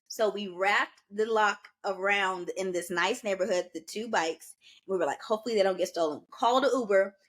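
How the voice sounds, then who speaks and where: A young woman with an American accent tells a long story on a podcast, animated and chatty. Her pitch sits mid-range for a woman, and she slips into quoted voices of herself and others. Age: young adult. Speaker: podcast co-host. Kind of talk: casual storytelling chat.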